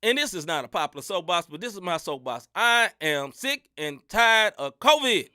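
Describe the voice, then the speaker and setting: A man's voice: sits high, normal speed, no room sound, studio quality. A man co-hosting a sports podcast, ranting in casual slang and laughing often, a bit under the weather with a sinus infection. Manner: animated, laughing rants full of slang. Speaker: podcast co-host. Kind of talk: casual sports-show chat.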